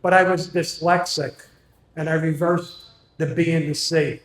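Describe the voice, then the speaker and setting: A man's voice: on the high side, steady tone, a little slow. A man in his sixties doing an open mic stand-up set with wry, self-deprecating stories. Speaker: stand-up comedian. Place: comedy venue with live audience. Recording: echoey room.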